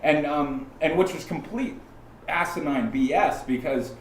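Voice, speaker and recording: A man from California, a podcast guest, telling a story in a casual, animated way, often restarting and acting out the people he quotes. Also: fairly high pitch, measured pace, a little hiss or hum. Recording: roomy sound from a distant mic, faint ambience.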